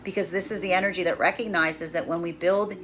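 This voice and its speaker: A woman's voice: fairly low pitch, steady tone, fast talker, fairly bright tone, slight background noise. A woman tarot reader giving a livestreamed collective reading, speaking in flowing, repetitive, emphatic phrases.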